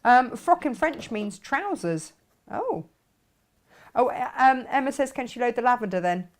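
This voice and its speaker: A woman hosts a casual craft live stream, chatting easily and breaking into giggles often. She reads out comments from viewers in a relaxed, friendly way. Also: on the high side, a little slow. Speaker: craft show host.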